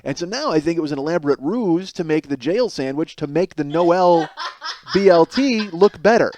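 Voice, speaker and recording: A podcast host with a fairly high voice speaks at a moderate pace, telling a comic story about his home life. He's animated and exasperated, swearing often and acting out what people said.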